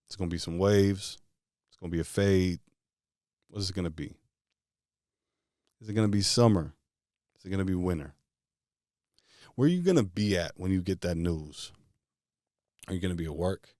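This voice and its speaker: A man with a very deep voice leads a guided visualization, asking one casual question after another. His voice sounds close and dry, with no room around it. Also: expressive, darkish tone, no echo. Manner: string of rapid questions, casual phrasing. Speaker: motivational speaker.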